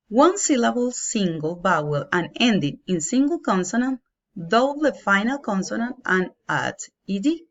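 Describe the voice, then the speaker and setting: A woman with as her teaching an English grammar lesson, slowly and carefully, spelling out each example. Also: mid-range voice, expressive, fairly bright tone. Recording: dull lo-fi home recording.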